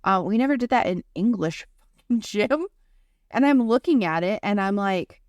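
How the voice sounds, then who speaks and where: Animated woman telling a story. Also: mid-range voice, normal speed, dry recording, studio quality. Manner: animated anecdote-telling, acts out quotes, swears casually. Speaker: podcast co-host. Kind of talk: casual chat, storytelling.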